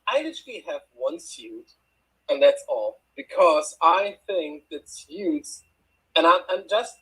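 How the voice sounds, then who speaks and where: Joking man with a high, husky voice and lively pitch. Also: rough recording. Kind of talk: casual live audio chat.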